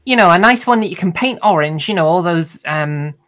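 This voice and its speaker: A woman's voice: lowish voice, expressive, a little fast, a bit bright. A woman co-hosting a podcast in casual chat, playful and enthusiastic. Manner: playful, enthusiastic, laughs easily. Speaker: podcast co-host.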